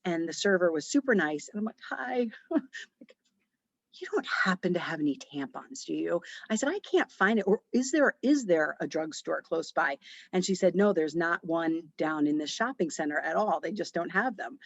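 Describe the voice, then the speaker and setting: A woman hosting a podcast, telling a story in a chatty, animated way and acting out bits of dialogue. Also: on the low side, dry recording, muffled recording. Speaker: podcast host. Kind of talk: casual storytelling monologue.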